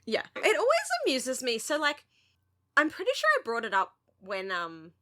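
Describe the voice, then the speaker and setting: A woman, co-hosting a podcast and chatting casually in an animated, sweary rant full of "like". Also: on the high side, normal speed. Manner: animated, sweary ranting with lots of "like". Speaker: podcast co-host. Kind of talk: casual chat.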